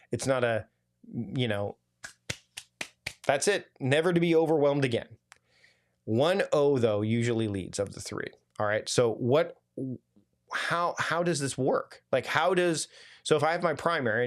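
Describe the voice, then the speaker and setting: A man of medium pitch leads a live online workshop as a productivity coach. He talks in a casual, animated way, piling on asides and restarting his sentences. It sounds like a video call.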